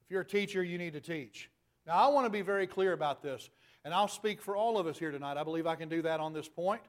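Middle-aged male preacher, high-pitched, emphatic, pushes to loud peaks. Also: quick pace. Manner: emphatic, rhetorical questions, rising to loud peaks. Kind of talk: sermon.

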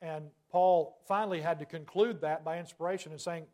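A man preaching a sermon, emphatic and full of rhetorical questions, swinging between loud stressed words and quiet drops. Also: sits high, fairly quick, hardly any pauses.

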